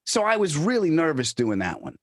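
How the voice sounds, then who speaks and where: His pitch swoops wildly from a slightly high base as he talks a little fast, in studio quality with no room sound. The New York comedian tells stories in a casual interview, often restarting and performing quoted voices.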